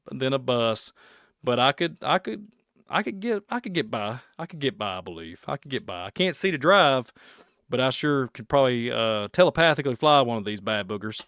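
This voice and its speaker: A man with a Kentucky accent rambles through posts and headlines in a loose, folksy commentary. He repeats his points and drifts into preachy warnings. His voice is smooth and resonant at an ordinary pitch, recorded dry and close. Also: fairly bright tone, dry recording. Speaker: podcast host. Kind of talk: casual commentary reading posts and news.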